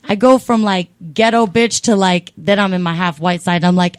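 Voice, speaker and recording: Profane, animated woman telling a story. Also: medium pitch, fairly quick, few pauses, clear, resonant tone, no room sound, clean studio sound. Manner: animated, profane, acts out voices in her stories. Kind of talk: comedic storytelling.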